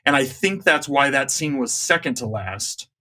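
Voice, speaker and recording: A man appearing as a guest on a podcast, speaking in a reflective, measured way with occasional jokes. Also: medium pitch, animated, bright, forceful tone. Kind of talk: casual discussion.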